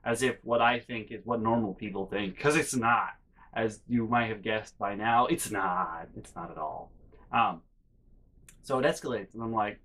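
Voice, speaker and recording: A man telling comic stories on his video channel, rambling deadpan with many fillers. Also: on the low side, moderate pace, low-quality recording. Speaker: YouTuber. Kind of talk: comedic storytime vlog.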